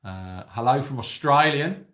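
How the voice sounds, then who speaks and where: A man chatting casually on a livestream, joking and rambling through his stories. His voice sits at an ordinary pitch. The room around him is echoey. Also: lively intonation, unhurried, bright, forceful tone. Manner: jokey storyteller, slips into silly put-on voices. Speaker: sanctuary co-host on a livestream.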